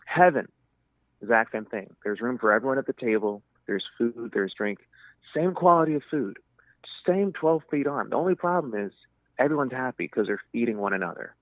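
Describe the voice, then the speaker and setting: A man's voice: medium pitch, moderate pace, dry recording. A man, a podcast guest, telling stories in a casual chat and acting out the people he quotes. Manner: lively storyteller, acts out quotes. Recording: thin phone-like sound, dry.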